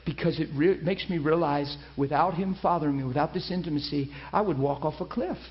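A man preaching a personal testimony to a class, animated and emphatic, swinging between loud and hushed. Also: on the high side, a little fast. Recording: dull lo-fi recording.

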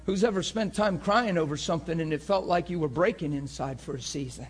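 Male preacher, high husky voice, impassioned sermon delivery. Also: brisk. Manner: passionate preaching that swings from shouting to hushed.

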